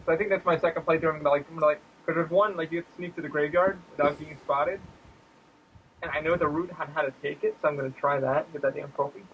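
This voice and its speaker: Fast-talking, animated young-sounding man. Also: breathy edge, rough recording. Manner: animated storyteller who acts out quotes in squealing high voices, swears a lot. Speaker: podcast co-host. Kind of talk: casual gaming chat.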